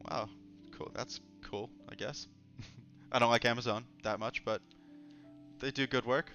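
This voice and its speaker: A man's voice: mid-range voice, steady tone, measured pace, bright, forceful tone. A man hosting a casual livestream conversation in an easygoing, joking way, reading comments out as he goes. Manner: easygoing, joking, reads chat aloud. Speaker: host. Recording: dull lo-fi stream audio with faint music.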